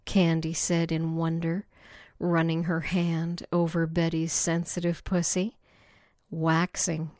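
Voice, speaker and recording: A woman narrating a story aloud in a slow, soft, breathy reading voice. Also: fairly low pitch, dry recording, studio quality.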